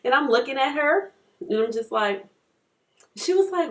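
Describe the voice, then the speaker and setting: A woman's voice: a little high, expressive, normal speed. A woman in her thirties chatting and rambling through stories while doing her makeup at home for a beauty vlog. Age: 30s. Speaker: beauty vlogger.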